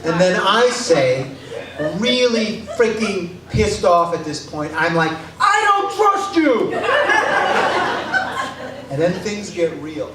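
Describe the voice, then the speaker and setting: A man telling a true comic story on stage, self-deprecating and excitable. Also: sits high, a little slow, over a noisy crowd. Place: stage before a laughing audience. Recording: echoey live room from a distance.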